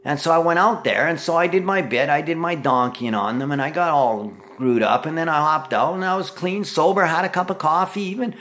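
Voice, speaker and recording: A middle-aged man in a rambling monologue, agitated and profane, swinging between shouting and muttering. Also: fairly high pitch, brisk, hardly any pauses.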